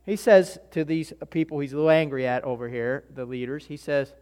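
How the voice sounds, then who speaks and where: A man's voice: a little high, brisk, a little mellow. A man preaching a sermon as a pastor, telling stories casually, acting out voices and often restarting his sentences. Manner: conversational storytelling, acts out voices, many restarts. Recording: long hall reverb.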